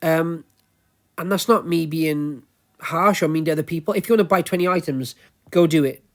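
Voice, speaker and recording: A man's voice: on the high side, moderate pace. Chatty Welsh-accented man rambling on. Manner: chatty, rambling, explains at length. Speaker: luxury resale vlogger. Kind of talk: casual chat while shopping. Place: charity shop, indoors. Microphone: wearable action camera.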